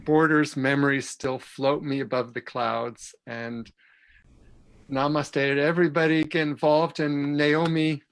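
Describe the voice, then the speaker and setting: A man's voice: a little high, level tone, measured pace. A man on a panel giving earnest, grateful closing remarks. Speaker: guest panelist.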